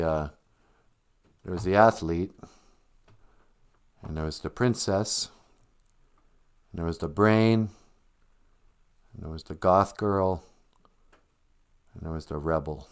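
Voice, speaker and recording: A man's voice: on the low side, darkish tone. A man hosting a livestream, retelling a story in a rambling, joking, conversational way. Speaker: livestream host. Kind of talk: casual storytelling.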